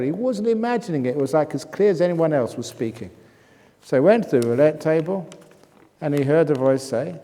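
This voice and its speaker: A man's voice: on the high side, very animated, moderate pace, warm tone. A man from England, a Buddhist monk, answering retreat questions with humorous stories. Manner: humorous anecdotal storytelling. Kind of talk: Q&A talk at a retreat. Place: meditation hall. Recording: long reverb in a hall.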